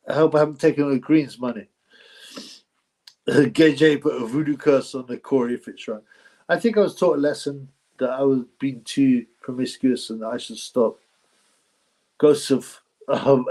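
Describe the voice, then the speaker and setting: A man's voice: medium pitch, moderate pace, a little mellow. A man hosting a casual live stream, rambling, repeating himself, and effusively thanking donors. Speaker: livestream host reading donations.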